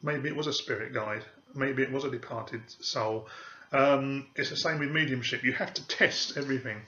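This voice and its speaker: Emphatic Englishman with a bright voice. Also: medium pitch, normal speed. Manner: emphatic, scornful of fakery. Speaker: psychic medium, podcast host. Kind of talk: podcast monologue. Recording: echoey room, dull audio.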